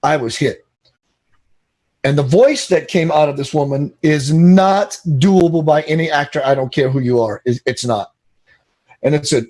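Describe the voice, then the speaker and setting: A man being interviewed as a spiritual teacher, telling an animated story and acting out the dialogue. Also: on the high side, normal speed.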